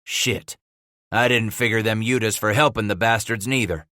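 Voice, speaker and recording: A man's voice: on the low side, fairly even intonation, moderate pace, bright, forceful tone, dry recording, clean studio sound. A man voicing a commanding male trapper brigade leader who gives blunt orders. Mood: gruff.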